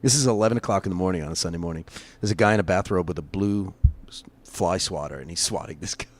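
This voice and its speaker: A man's voice: low voice, quick pace. A middle-aged man, a podcast guest, chatting casually with rambling, profane stories in a closed bar. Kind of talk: casual storytelling chat. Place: closed bar, seated at table.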